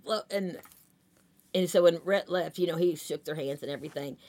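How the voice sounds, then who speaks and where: A woman's voice: lowish voice, moderate pace, darkish tone. A woman, telling rambling anecdotes in a casual interview, full of fillers. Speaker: talent agent, guest.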